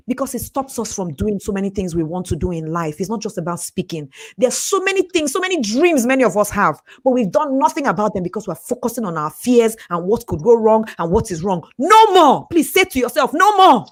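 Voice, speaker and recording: Woman, animated pitch, fast emphatic motivational coaching, frequent laughter. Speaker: speaker and coach. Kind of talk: motivational talk.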